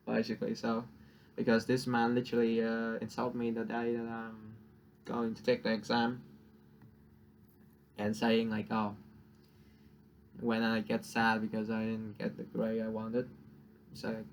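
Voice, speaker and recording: Slow-talking, profane young man ranting. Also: lowish voice, monotone, a little hiss or hum. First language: Vietnamese. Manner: profane, ranting, laughs at own jokes. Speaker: vlogger. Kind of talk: casual venting monologue.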